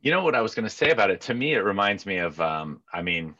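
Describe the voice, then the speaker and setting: A middle-aged man co-hosting a sports podcast in casual, chatty talk, full of asides and quick mock voices. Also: no room sound. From California. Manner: chatty, animated, jumps into squeaky mock voices. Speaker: podcast co-host. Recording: dull lo-fi mic sound.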